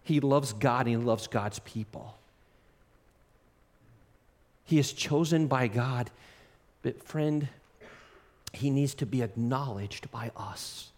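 A man preaching a sermon in an animated, emphatic way, speaking directly to his listeners. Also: mid-range voice, takes it slowly, long pauses, in a large hall.

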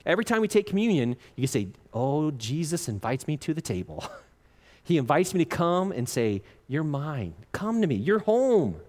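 Animated pastor preaching in an echoing hall. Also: male voice, on the high side, normal speed. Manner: animated, jokey, laughs often, acts out quotes. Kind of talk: sermon. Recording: long reverb of a large hall.

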